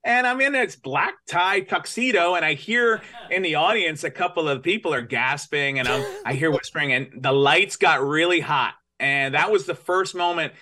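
A man from New York with a bright, forceful voice that sits a little high. He tells a story casually, poking fun at himself with animated detail. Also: moderate pace, hardly any pauses. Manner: self-deprecating, animated storyteller.

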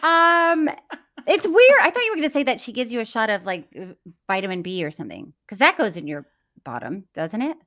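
A woman's voice: on the high side, big pitch swings, brisk, a bit bright. A woman co-hosting a podcast, telling a story in casual chat, acting out the quotes and laughing often. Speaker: podcast co-host.

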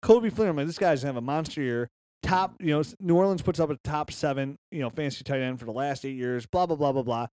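A man co-hosting a podcast, chatting about football in a lively, joking, excitable way. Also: mid-range voice, fast talker, clear, resonant tone, no room sound, studio quality. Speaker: podcast co-host. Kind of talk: casual sports chat.

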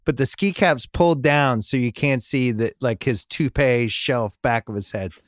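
A man's voice: medium pitch, normal speed, dry recording. A middle-aged man tells a meandering family story on a podcast, with frequent restarts and chuckles at his own jokes. His voice sits in a middle register, recorded close in a dry studio with no room sound. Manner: rambling anecdote, laughing at his own jokes. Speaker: podcast host. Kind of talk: casual storytelling chat.

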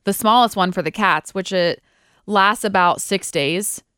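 A young woman co-host chatting on a podcast, excitable and full of exclamations. Her voice is smooth and clear, recorded dry and close with no room sound. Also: medium pitch, no echo. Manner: gushing, chatty, quick to exclaim. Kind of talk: casual chat.

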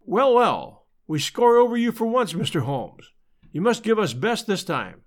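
A man's voice: high voice, big pitch swings, pitched above the performer's own voice. A man voicing an eager, boastful police detective in a storybook reading. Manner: eager, brisk.

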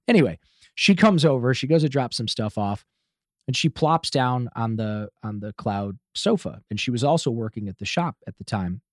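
Male guest, mid-pitch, storyteller, swears freely, dry close mic. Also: animated, moderate pace, no room sound. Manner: swears freely, acts out shouted quotes. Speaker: podcast guest. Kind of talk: animated storytelling.

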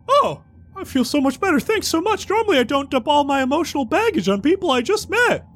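Performer doing a weepy bag-hoarder man, high and wobbly. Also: very animated, fairly quick, fairly bright tone. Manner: sobbing, self-pitying, punning. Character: weepy middle-aged man hoarding bags.

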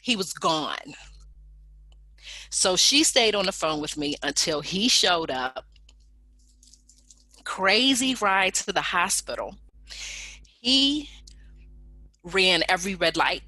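Bright-voiced woman telling a personal story. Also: on the low side, takes it slowly, long pauses, no echo. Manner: animated, acts out quoted people in raised voices.

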